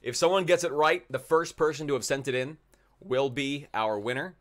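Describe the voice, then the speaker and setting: A man's voice: medium pitch, normal speed, fairly bright tone. A man hosting a live trivia game in a casual, jokey, rambling way, often repeating himself.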